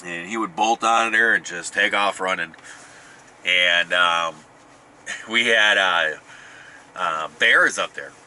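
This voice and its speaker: A man's voice: deep voice, takes it slowly, long pauses, pushed and bright, a little hiss or hum. A middle-aged man casually telling a rambling family story, often restarting and chuckling. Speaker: podcast host.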